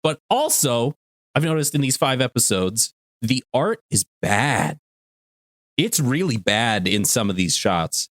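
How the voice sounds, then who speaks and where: A man co-hosting a casual podcast, talking animatedly with casual swearing, dropping into quick jokey voices as he retells scenes. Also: medium pitch, sing-song, a bit bright, no room sound, studio quality. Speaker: podcast co-host.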